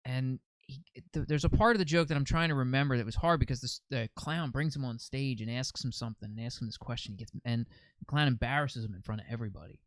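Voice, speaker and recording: Halting man telling a long joke. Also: medium pitch, dry recording. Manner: halting, trailing off. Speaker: podcast talker. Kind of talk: casual chat.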